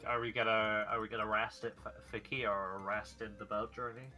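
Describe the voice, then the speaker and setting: A man's voice: fairly low pitch, flat delivery, a little fast, sharp tone, soft background music. A man playing a tabletop game, chatty and playful, often restarting his sentences. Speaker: player. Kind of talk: casual tabletop chat.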